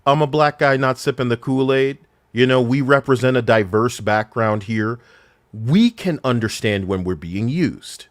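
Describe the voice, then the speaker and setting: A man in casual podcast chat, talking in animated, profane rants with quick asides. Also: mid-range voice, no room sound, studio quality. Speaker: commentator.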